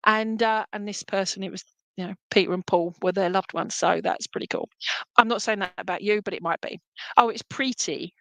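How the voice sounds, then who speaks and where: Lady medium, chatty and fond, lots of ums, mid pitch, dry close sound. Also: fairly even intonation, a little fast, no echo. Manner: chatty and affectionate, many fillers. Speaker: psychic medium. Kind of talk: live reading to viewers.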